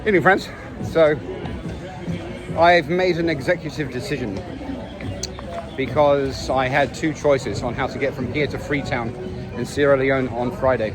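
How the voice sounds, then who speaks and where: A man's voice: mid-range voice, a little slow, long pauses, music in the background, a crowd in the background. A man talking in a casual, wry travel vlog while walking outdoors on a busy city street. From England. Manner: chatty, wry and self-mocking. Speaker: travel vlogger. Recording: noisy outdoor street recording. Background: street traffic and city noise.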